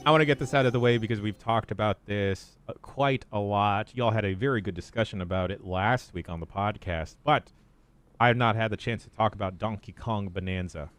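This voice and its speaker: A man's voice: on the low side, brisk, fairly bright tone, soft background music. A man hosting a podcast in casual chat, laid-back and swearing freely as he tells anecdotes. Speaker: podcast host.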